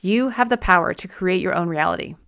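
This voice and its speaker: A woman narrating an inspirational self-help book in a gentle, reflective manner. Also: fairly low pitch, lively intonation, a little fast, vocal fry. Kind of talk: audiobook narration.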